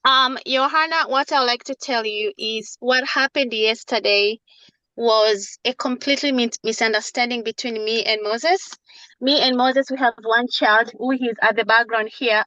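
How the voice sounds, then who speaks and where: An emotional woman, a mother testifying in court over a phone video call from a parked car, pleading and halting with repeated words. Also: a little high, sharp tone, no echo, dull audio.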